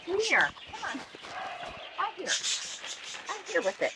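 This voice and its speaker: A woman's voice: very high voice, wildly swooping pitch, slow pace, noisy background. A woman talking playfully to a child at a birthday, coaxing him along. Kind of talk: casual family talk.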